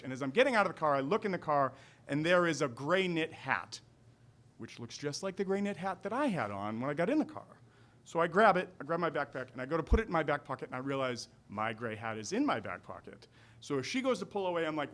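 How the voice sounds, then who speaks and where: A man's voice: a little high, big pitch swings, brisk, a bit bright. A man in his forties with a Boston accent, telling a wry, self-deprecating story at a live storytelling night in a restaurant. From Boston area.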